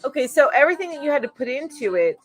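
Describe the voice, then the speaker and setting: A woman's voice: high-pitched, sing-song, very fast, faint music behind. Chatty woman hosting a live chat. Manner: gushing and chatty, coos over her pet, many fillers. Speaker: host of a weekly crochet live chat. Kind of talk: casual live-stream chat reading viewer comments.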